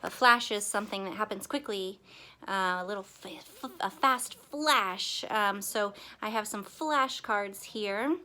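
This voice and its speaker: A young woman who teaches little children talks slowly and with care. Her voice sits at a middle pitch. She is playful and gentle, breaking into small songs and make-believe with her class. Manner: slow, gentle and playful, sings and acts out the class. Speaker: pre-K teacher. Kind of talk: children's lesson video.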